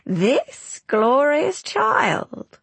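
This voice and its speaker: A woman's voice: deep voice, slow, creaky, slightly rough, dry recording, heavily acted. A woman voicing a wizened, toothless fairy crone, cruel and mischievous, sly and menacing in her storybook speech.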